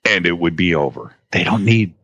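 Male guest, casual chat, repeats himself and restarts often; deep voice, dry close mic. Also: lively intonation, fairly bright tone, no echo. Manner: halting, many restarts and repeated words. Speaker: podcast guest. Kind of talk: casual conversation. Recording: dull lo-fi audio.

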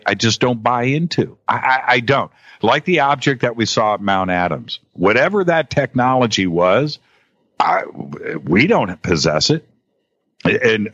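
Male guest, casual chat, repeats himself and restarts often; deep voice, dry close mic. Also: fairly bright tone, no echo. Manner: halting, many restarts and repeated words. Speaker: podcast guest. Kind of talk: casual conversation. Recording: dull lo-fi audio.

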